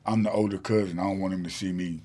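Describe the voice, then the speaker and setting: Low husky man telling stories. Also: fairly even intonation, quick pace, dark tone. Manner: rambling, with many fillers and restarts. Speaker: podcast guest. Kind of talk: casual storytelling in an interview.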